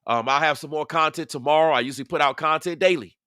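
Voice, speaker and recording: A man's voice: on the high side, fast, pushed and bright, clean tone, no echo, clean studio sound. A man hosting a live stream in a casual, emphatic way, repeating his points and talking back to his chat.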